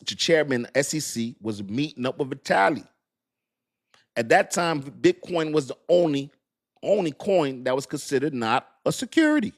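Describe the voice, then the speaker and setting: A man hosting a casual crypto livestream, talking in animated, slangy street talk, swinging between loud and soft. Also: fairly high pitch.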